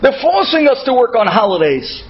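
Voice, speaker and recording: A man's voice: extremely high pitch, very animated, moderate pace, muffled recording, slight background noise, exaggerated voice. A man quoting a distraught young Israeli woman who speaks in earnest, broken English. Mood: pleading.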